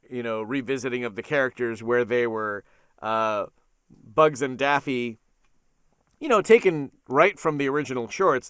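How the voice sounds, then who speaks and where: A middle-aged man is a guest in an interview, talking about his work with a smooth, resonant tone. He sounds earnest and thankful and often says "uh" between thoughts. The recording is dry and close. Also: mid-range voice, fairly bright tone, dry recording. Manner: earnest and grateful, with frequent fillers. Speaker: voice actor guest. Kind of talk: casual interview chat.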